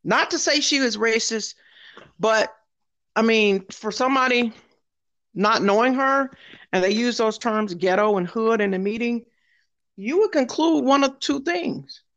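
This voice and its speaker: A woman telling a workplace story in an animated, casual way, often repeating herself. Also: a little high, a little slow.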